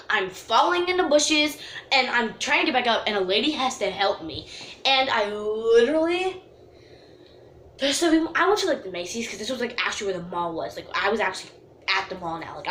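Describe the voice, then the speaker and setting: A woman telling a storytime vlog story in an animated, dramatic way, full of "like" fillers. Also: on the high side, a little hiss or hum. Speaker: vlogger. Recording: echoey room.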